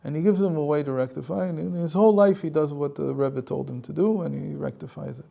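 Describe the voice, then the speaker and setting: A man's voice: a little high, quick pace, creaky, dark tone, dull audio. A man, a rabbi and teacher, telling a story in a conversational lecture with frequent chuckles.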